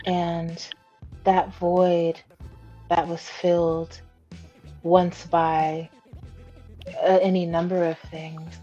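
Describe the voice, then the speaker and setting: A woman running a tabletop role-play game as game master, narrating slowly with many pauses and fillers. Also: on the low side, mellow. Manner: slow, musing narration full of fillers. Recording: dull lo-fi stream audio with faint music.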